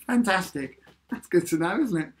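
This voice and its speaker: A man's voice: high-pitched, lively intonation, moderate pace. A man leading an online sing-along as a musician. He is upbeat and chatty, reads out viewer comments and counts in the beats. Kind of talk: chatty live-stream singing lesson.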